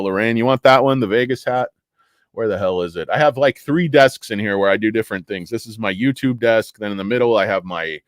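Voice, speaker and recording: A man's voice: lowish voice, no echo, studio quality. A man hosting a casual stock market livestream, rambling, joking and swearing freely as he chats with viewers.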